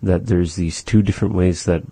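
A middle-aged man gives a relaxed language lesson, slowly and patiently repeating words to show how they sound. His voice is very low and mellow with a husky edge. It is recorded close and dry. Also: no room sound. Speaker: language teacher.

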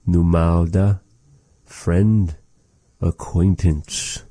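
Man, very low dark voice, unhurried patient teacher repeating words, dry close mic. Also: flat delivery, no room sound. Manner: slow, patient, repeats each word, folksy asides. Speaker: language teacher. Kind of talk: slow vocabulary lesson with repeated words.

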